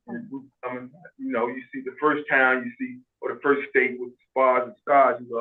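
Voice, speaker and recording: A man telling stories in casual chat on a video call, animated, acting out quoted voices and often restarting his sentences. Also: medium pitch, moderate pace. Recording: tinny phone-like video call audio.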